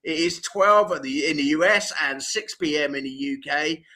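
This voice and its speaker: A man's voice: a little high, normal speed, pushed and bright. A man co-hosting a live music show, chatting in a playful, teasing way. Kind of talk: casual live-stream chat.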